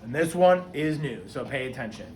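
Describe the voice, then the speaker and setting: A male teacher giving a phonics lesson in an upbeat way, drawing out words so each syllable is clear. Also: mid-range voice, lively intonation, brisk, a little mellow. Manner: upbeat, stretches out and stresses words. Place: classroom. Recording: roomy and distant with faint hiss.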